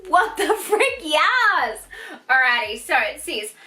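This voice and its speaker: Excitable high-voiced New woman. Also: takes it slowly. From New Zealand. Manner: gushing, excitable, swears casually. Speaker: beauty vlogger. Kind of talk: unboxing vlog.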